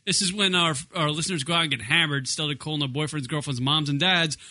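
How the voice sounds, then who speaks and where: Bright-voiced joking male radio host. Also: on the high side, fast talker. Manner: joking, crude, self-mocking. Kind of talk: casual podcast banter.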